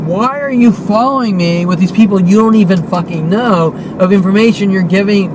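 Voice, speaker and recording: Against a noisy background, a high-pitched man of around fifty delivers an agitated, accusatory rant to camera. He swears a lot and keeps repeating himself.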